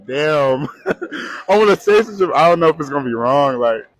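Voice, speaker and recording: A man's voice: on the high side, expressive, normal speed, noisy background. A man answering street interview questions, flustered and stammering.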